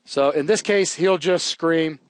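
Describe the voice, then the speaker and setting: A man teaching programming in a relaxed, jokey way while he types, walking through code on a live stream. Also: fairly high pitch, measured pace, smooth, no echo. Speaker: programming instructor. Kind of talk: live coding tutorial.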